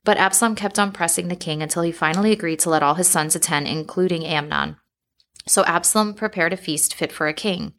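Lower-voiced woman reading scripture aloud. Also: a little fast, a bit bright. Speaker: scripture reader.

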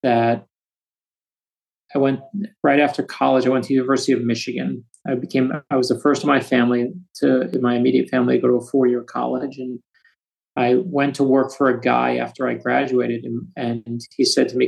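A man in his fifties from the United States, an author telling stories with quick asides as a podcast guest. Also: medium pitch, level tone, creaky, a little mellow, low-quality recording. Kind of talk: storytelling interview.

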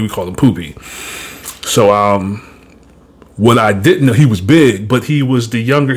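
A man hosting a podcast, talking in a casual, blunt and profane way as he tells an animated story and gives his views. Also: fairly low pitch. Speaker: podcast host.

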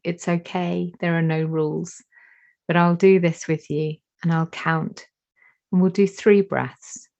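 A woman leads a guided meditation in a deep, mellow voice with plenty of vocal fry. She speaks at an extremely slow pace and leaves long, soothing pauses between phrases. The recording sounds dull and slightly lo-fi. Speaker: meditation teacher.

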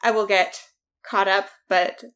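A woman of middle pitch co-hosts a podcast in a loose, chatty way, padding her talk with hedges and fillers. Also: steady tone, measured pace, a bit bright. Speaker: podcast co-host. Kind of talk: casual podcast chat.

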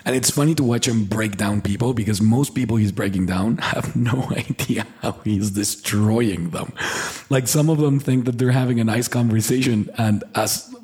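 A man's voice: on the low side, normal speed. A man on a podcast chatting casually and animatedly, acting out the voices of the people he describes. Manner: animated storyteller, acts out quoted voices. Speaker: podcast co-host, personality trainer.

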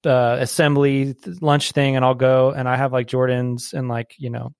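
A man in his thirties, a podcast guest telling stories in a loose, animated way, laughing often and filling gaps with um and like. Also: mid-range voice, moderate pace, creaky, clean tone, dry recording, clean studio sound. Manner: animated storyteller, laughs often, many fillers. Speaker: podcast guest, brewery employee. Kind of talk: casual podcast conversation.

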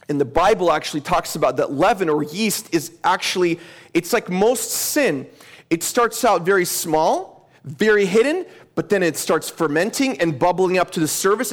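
A young male pastor preaching a sermon in a church, conversational and animated, acting out dialogue. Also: on the high side.

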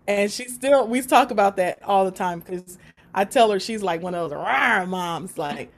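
A woman recounts a story from her work in a lively, animated way, laughing often and slipping into the voices of the people she describes. Her delivery is conversational and unscripted. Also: mid-range voice, normal speed. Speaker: guest; support worker for people with autism.

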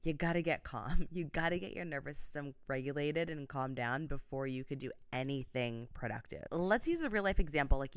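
A woman's voice: sits low, clear, resonant tone, no echo. Upbeat chatty woman podcast host. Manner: chatty and upbeat, many "like" fillers. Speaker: podcast host, life coach. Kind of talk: casual solo podcast talk.

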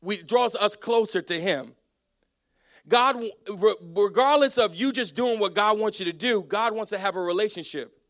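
A man preaching a sermon as a pastor, energetic and storytelling, with many restarts. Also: high voice, normal speed.

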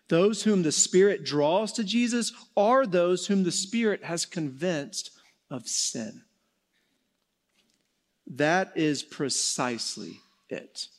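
An earnest male pastor delivers a sermon in a slightly high voice. He slows down and sinks soft for emphasis, then climbs back up with energy. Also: animated.

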